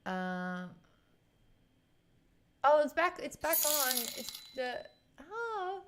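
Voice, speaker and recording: A woman's voice: high-pitched, expressive, slow pace, noisy background. A young Australian woman streaming live, chatting casually and reading her viewers' comments aloud in a bubbly way that breaks into laughs easily.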